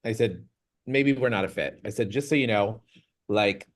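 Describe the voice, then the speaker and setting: A man's voice: on the low side, moderate pace. Chatty man telling a story. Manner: chatty, rambling, laughs often, acts out quotes. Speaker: vlog host. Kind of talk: casual storytelling.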